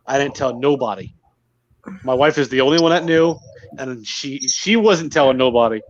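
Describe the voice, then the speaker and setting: A man from Rhode Island telling a story among friends in casual chat, swearing freely and with lively delivery. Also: medium pitch, moderate pace, lo-fi sound, slight background noise.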